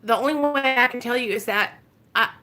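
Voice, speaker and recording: Bright-voiced woman vlogger. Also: on the high side, brisk. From Arkansas. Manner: emotional, talks straight to viewers. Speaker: recovery vlogger. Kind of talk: casual storytelling vlog.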